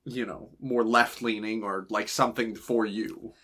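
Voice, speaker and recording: A man co-hosting a casual film podcast, laughing often and acting out characters in high silly voices. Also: fairly even intonation, measured pace, bright, forceful tone. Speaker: podcast co-host. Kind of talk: casual film discussion chat.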